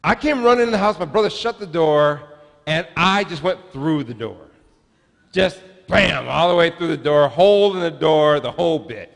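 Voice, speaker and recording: A man in his forties preaches with a high, lively voice that swoops up and down. He tells stories in a chatty, humorous way that draws the congregation in. His words ring with the long reverb of a church sanctuary. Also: normal speed, creaky. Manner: animated, humorous, chatty storyteller. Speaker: pastor. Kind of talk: sermon with personal storytelling.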